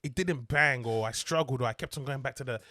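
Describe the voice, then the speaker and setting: A man co-hosting a casual comedy podcast, talking animatedly with stammering restarts and bursts of high laughter. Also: quick pace, pushed and bright, dry recording, clean studio sound. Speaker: podcast co-host.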